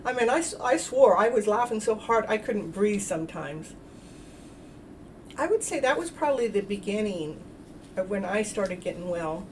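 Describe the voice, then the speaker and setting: A woman hosting a casual self-help talk show, rambling and warm-hearted, laughing often as she talks. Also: medium pitch, lively intonation, normal speed, recorded from a distance, a little hiss or hum, low-quality recording. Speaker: host.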